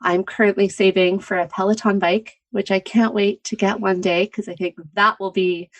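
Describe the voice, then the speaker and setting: A woman's voice: mid-range voice, steady tone, normal speed, dry recording. A woman guest on a podcast, talking candidly in a casual chat, laughing often and quoting others in a lifted voice.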